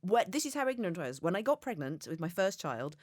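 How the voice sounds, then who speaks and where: A woman's voice: lowish voice, sing-song, quick pace, dry recording, clean studio sound. A woman, a podcast guest, telling candid, self-deprecating stories in casual conversation.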